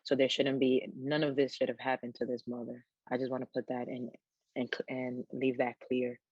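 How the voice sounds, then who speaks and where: A man speaking on a townhall panel, commenting on a video clip in a measured, deliberate way with some restarts. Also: medium pitch, monotone, husky, dry recording, lo-fi sound.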